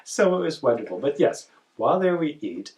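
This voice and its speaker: A man from northern Ontario chatting casually, telling lively, rambling stories full of self-corrections. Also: on the high side, brisk, distant mic. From northern Ontario, Canada. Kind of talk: casual chat.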